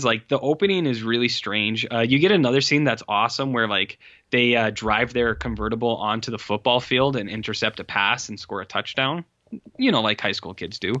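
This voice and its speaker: Guy rambling thru a movie recap on a podcast, bright voice, dry kinda lo-fi sound. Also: medium pitch, no echo. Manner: rambling, filler-heavy storytelling. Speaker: podcast co-host. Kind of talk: casual movie recap chat.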